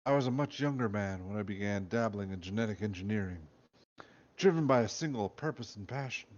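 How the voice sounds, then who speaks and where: Low deadpan voice, Russian accent, menacing commander, a man putting it on, dull recording. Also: a little fast, natural voice. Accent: Russian (put-on).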